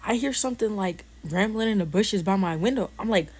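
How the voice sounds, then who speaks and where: A woman's voice: medium pitch, a little fast, darkish tone, husky. A woman telling a casual storytime to viewers, loose and rambling, full of fillers.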